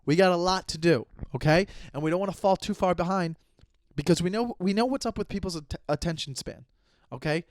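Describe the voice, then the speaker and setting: A man's voice: high-pitched, a little fast, dry recording, clean studio sound. A man in his thirties hosting a solo comedy podcast, rambling and self-aware, making jokes and often restarting his sentences. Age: 30s. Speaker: podcast host.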